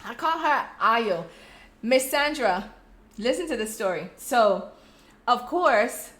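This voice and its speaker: A middle-aged woman with a Crucian accent from St. Croix, chatting casually on a live stream, reading out viewers' comments and telling stories in a friendly, animated way. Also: on the high side, slow pace. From US Virgin Islands (St. Croix). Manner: chatty, animated storytelling with friendly direct address. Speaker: host of a live check-in stream.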